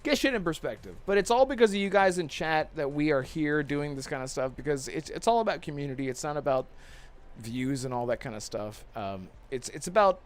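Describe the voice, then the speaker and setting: A man with a somewhat high voice hosting a casual gaming podcast. He talks in an earnest, thankful way, swears easily, and reads out messages from his viewers. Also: expressive, brisk. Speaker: podcast host.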